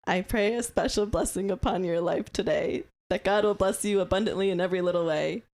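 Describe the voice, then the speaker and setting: A woman's voice: medium pitch, fairly quick, a little mellow. A woman co-hosting a podcast, reading out captions in casual chat and often breaking into giggles. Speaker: podcast co-host.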